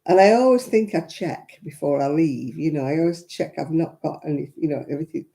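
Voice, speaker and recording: A frank, chatty Englishwoman hosts a live crafting stream, answering her viewers' comments as she goes. Her voice is very dark and mellow. She laughs easily and speaks her mind. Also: deep voice, a little fast, creaky. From England. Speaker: crafting livestream host. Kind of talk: chatty livestream talk.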